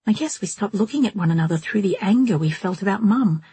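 A woman voicing a husky, earnest teenage girl. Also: medium pitch, animated, fast, warm tone, no echo.

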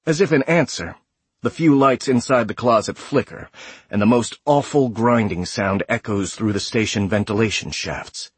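A man reading a sci-fi horror story aloud in a measured, graphic storytelling manner. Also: fairly low pitch, breathy edge, no echo. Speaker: narrator. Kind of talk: scripted audiobook narration.

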